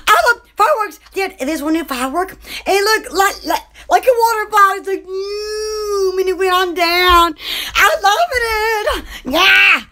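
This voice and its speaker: A woman's voice: extremely high pitch, lively intonation, measured pace, pushed and bright. A woman hosting a casual livestream, chatting in a giggly, rambling way. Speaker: channel host.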